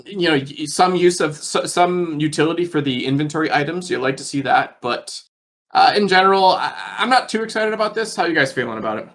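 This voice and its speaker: A man's voice: on the high side, animated, fairly quick, a bit bright. A man co-hosting a casual podcast, running through the agenda with frequent fillers and restarts. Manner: hesitant, many fillers and restarts. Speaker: podcast co-host presenting the agenda.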